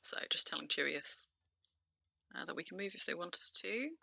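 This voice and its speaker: Animated and speaking at a normal speed, this English game streamer has a medium-pitched, gravelly voice that sounds pushed and bright, with a near-RP southern accent. His live-stream commentary is casual, full of laughter and restarted sentences, and there's no room sound.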